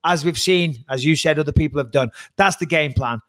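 A man co-hosting a podcast, giving fight picks in animated, teasing casual chat with emphatic repetition. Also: on the high side, a little fast. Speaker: podcast co-host and fight pundit.

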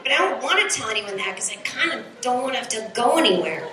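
A woman in her forties doing a stand-up set on a club stage, talking in an animated way, swearing and rising to high shouts. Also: quick pace, over a noisy crowd. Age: 40s. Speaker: stand-up comedian. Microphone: handheld stage mic into sound board. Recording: echoey club recorded off the sound board, noisy.

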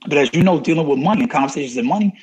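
Fast-talking husky man, emphatic. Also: fairly high pitch, lively intonation, a little mellow, rough recording. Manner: emphatic, repeats key phrases for stress. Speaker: interview guest, college athletics administrator. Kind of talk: casual interview chat.

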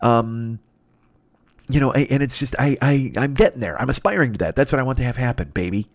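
A man's voice: mid-range voice, fairly quick, dry recording, studio quality. A man in his fifties, a podcast host, riffing in a rambling, profane comedic rant and acting out silly voices. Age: 50s.

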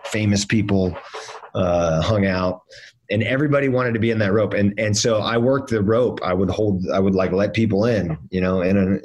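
Low-voiced man telling stories haltingly. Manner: halting, many fillers and restarts. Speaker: actor guest. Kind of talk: casual interview storytelling.

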